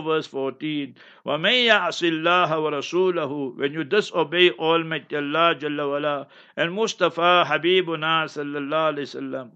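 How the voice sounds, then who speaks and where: A man's voice: on the high side, bright, forceful tone, highs cut off. A man, an Islamic scholar answering listener questions on a radio podcast in an emphatic, scolding, preacher-like way.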